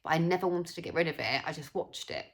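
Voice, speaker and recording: A woman's voice: sits low, fast. A young woman from England telling a story in a chatty vlog, acting out what people said. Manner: chatty, animated, acts out quoted voices. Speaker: vlogger. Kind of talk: casual storytelling.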